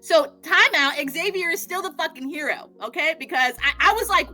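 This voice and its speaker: A woman co-hosting a live chat, excitable and profane, acting out quotes as she goes. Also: high voice, brisk, hardly any pauses, faint music behind. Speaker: podcast co-host.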